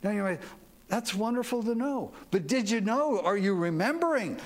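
A man's voice: sits high, lively intonation, moderate pace. A man preaching a sermon as pastor, folksy and leading the congregation to repeat lines after him.

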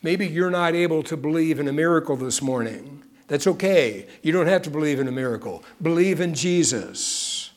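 A man's voice: a little high, expressive, normal speed, few pauses. A man preaching a sermon in an earnest way, often dropping to a near-whisper on key phrases. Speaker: pastor.

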